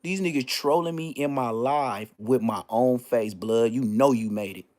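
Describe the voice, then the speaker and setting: A man hosting his own live stream, telling a story in a loose, profane way and jumping into high-pitched exclamations. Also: moderate pace, darkish tone. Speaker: livestream host.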